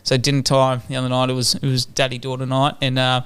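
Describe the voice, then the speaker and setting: A man in his thirties chatting loosely on a podcast, cracking up at his own stories about his little daughter. His voice sits at an ordinary middle pitch, and his talk is relaxed and rambling. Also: fast talker, clear, resonant tone. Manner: laughs often, tells stories of his toddler. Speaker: podcast co-host; teacher and father. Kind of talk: casual chat.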